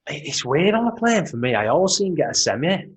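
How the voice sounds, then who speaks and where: Blunt, sweary bloke. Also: male voice, a little high, very animated, quick pace, rough recording. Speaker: podcast co-host. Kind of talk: casual chat.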